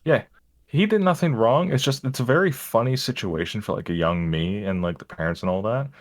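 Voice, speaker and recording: Man, very low voice, dry close sound, casual rambling storyteller, self-mocking. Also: lively intonation, brisk, no echo. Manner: rambling, self-mocking, frequent fillers and restarts. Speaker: stream guest.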